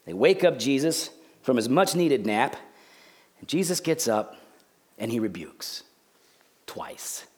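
Animated pastor with a lively, swinging voice. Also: male voice, medium pitch, takes it slowly, long pauses. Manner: animated, swings from loud to hushed; conversational, jokey asides. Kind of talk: sermon.

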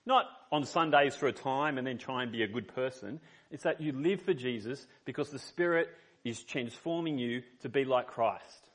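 A man's voice: medium pitch, normal speed, few pauses, a bit bright. A man preaching a sermon as a pastor, reading scripture and telling personal stories in an earnest, conversational way.

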